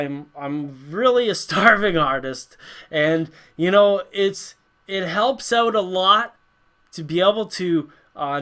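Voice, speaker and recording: A man's voice: high voice, pushed and bright. A man from North America hosting a casual livestream Q&A, rambling with lots of fillers and frequent chuckles. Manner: rambling, laughs often, many fillers. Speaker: livestream host.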